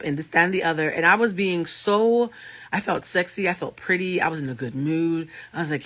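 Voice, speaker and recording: A man with a thick, raspy voice, a life coach and tarot reader chatting casually with viewers on a livestream and telling stories with freely dropped swear words. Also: a little high, brisk. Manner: animated storyteller, swears freely.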